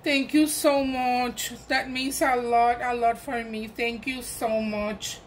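Slow-talking woman, gushing over a gift, voice a bit high. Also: fairly even intonation, slight background noise, low-quality recording. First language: Spanish. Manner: gushing, exclamatory, enthusiastic. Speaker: crafting vlogger. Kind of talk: gift unboxing chat.

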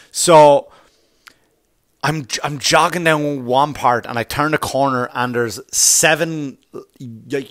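A man's voice: mid-range voice, fairly bright tone, no echo, studio quality. A man hosting a comedy podcast, telling a story as a profane, exasperated rant with asides to his listeners. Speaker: podcast host.

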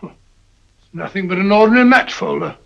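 Brief: bluff older doctor sidekick, high gravelly voice, muffled vintage film sound. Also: male voice, lively intonation, fairly quick. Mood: blustery. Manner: blustering, matter-of-fact. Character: bluff, kindly older male doctor companion. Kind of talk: 1940s film acting. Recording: dull old film soundtrack.

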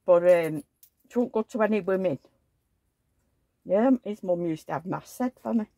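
A woman's voice: fairly low pitch, normal speed, dark tone, dry recording, studio quality. An older woman, telling rambling, chatty stories on her vlog. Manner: rambling, chatty storytelling with asides. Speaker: vlogger. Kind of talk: casual chat.

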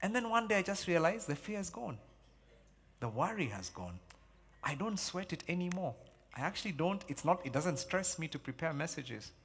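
A middle-aged man preaching a sermon as pastor, emphatic and animated, repeating key phrases as he tells stories. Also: a little high, moderate pace, a little hiss or hum. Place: large church hall. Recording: long church hall reverb.

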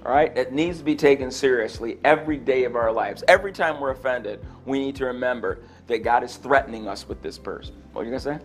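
A man teaching a sermon on a parable in a conversational, animated way, acting out the quotes and chuckling between points. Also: mid-range voice, quick pace, few pauses, soft background music. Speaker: Bible teacher.

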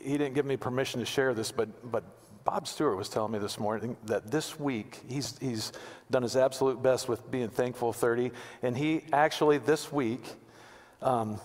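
A male pastor preaching a sermon in a conversational, joking way, often repeating words. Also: mid-range voice. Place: church sanctuary. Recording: long church reverb.

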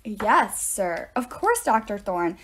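A woman's voice: medium pitch, big pitch swings, slow pace, a bit bright, breathy edge, exaggerated voice. A woman reading aloud, voicing a nervous teenage boy who is out of breath and stammers in a flustered way.

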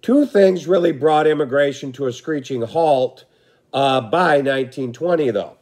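In an unhurried, fairly high voice that is turning hoarse, a man gives a recorded history lesson. He stays relaxed, clearing his throat often and using lots of fillers.

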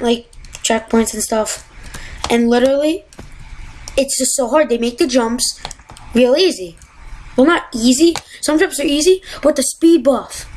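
Excitable young-sounding woman gaming. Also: a little high, slight background noise, low-quality recording. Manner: exasperated, excitable, yelps and gasps. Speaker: gamer. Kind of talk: casual gameplay commentary. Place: home.

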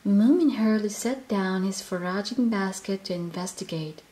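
A woman reading a children's picture book aloud in a gentle, expressive way. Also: mid-range voice, normal speed. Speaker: storyteller.

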